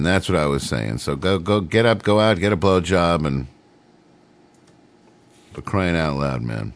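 A man's voice: deep voice, lively intonation, unhurried, long pauses, no room sound. A middle-aged man hosting a radio show, rambling casually between songs with lots of fillers. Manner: rambling, laid-back, many fillers.

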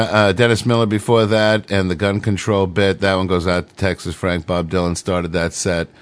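A middle-aged man hosting a radio show, rambling casually between songs with lots of fillers. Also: low-pitched. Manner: rambling, laid-back, many fillers.

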